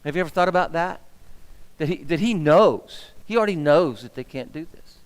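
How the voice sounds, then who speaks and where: A man teaching scripture to his congregation. He throws questions at the room and works himself up as he goes, and his fairly high voice rings out with the long echo of a church hall. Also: brisk, clean tone. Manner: animated, asks the room questions, gets fired up. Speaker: minister teaching a Bible class. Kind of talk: interactive Bible teaching with questions to the class.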